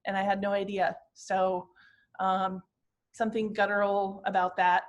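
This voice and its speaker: A woman in her fifties speaks at an ordinary middle pitch, talking through slides of her glass art. Her delivery is reflective and halting, with the personal tone of someone explaining what each piece means to her. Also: little pitch movement, dull audio. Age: 50s. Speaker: glass artist presenting her work.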